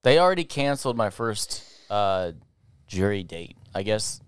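A man's voice: fairly low pitch, big pitch swings, measured pace, smooth, dry recording. A young man co-hosting a podcast, telling jokey, rambling stories in casual chat. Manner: rambling, jokey storytelling with frequent laughs. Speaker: podcast co-host.

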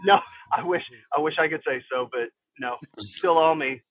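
A man calling into a talk show, chatting casually with a dry, deadpan humor. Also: fairly high pitch, moderate pace. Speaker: caller. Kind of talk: casual chat. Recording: dull lo-fi call line.

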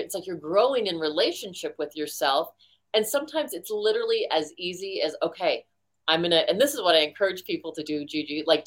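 A woman in her forties speaks as an interview guest with a somewhat low, grounded voice. She tells her story earnestly and jumps up in pitch when she acts out what others said. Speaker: guest, mental health professional.

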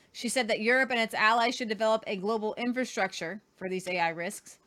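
A woman's voice: medium pitch, fairly even intonation, fairly bright tone. A woman hosting an opinionated news commentary show, sarcastic and emphatic. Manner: sarcastic, emphatic, talks in quick bursts. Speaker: host.

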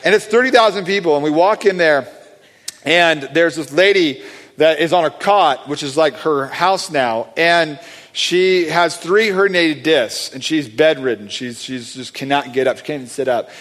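Man, slightly high voice, rambling testimony, lots of fillers, long hall echo. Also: moderate pace. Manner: rambling, many fillers and restarts; animated, acts out quoted voices. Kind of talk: excited storytelling testimony.

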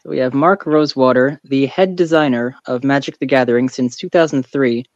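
A man's voice: mid-range voice, fairly quick, no echo, dull audio. A man co-hosting a podcast in casual chat, laughing often and breaking into exasperated outbursts. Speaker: podcast co-host.

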